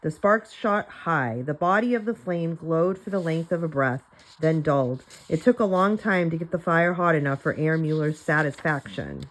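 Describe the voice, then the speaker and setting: Woman reader, slightly low voice, plain storytelling for a class. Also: lively intonation, normal speed, poor audio. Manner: plain storytelling with light character voices and small slips. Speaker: reader of a children's novel. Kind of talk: reading a chapter book aloud for students.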